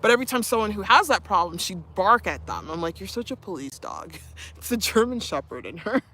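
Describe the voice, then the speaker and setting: A woman's voice: mid-range voice, big pitch swings, fairly quick, sharp tone. A young woman streaming live, chatting casually, reading viewer comments, laughing often and cooing to her dog. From Canada.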